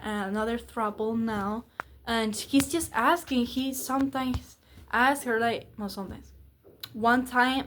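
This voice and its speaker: A woman's voice: fairly high pitch, a little hiss or hum. A young woman vlogging casually, rambling candidly and swearing freely about her relationship. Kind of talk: casual confessional vlog.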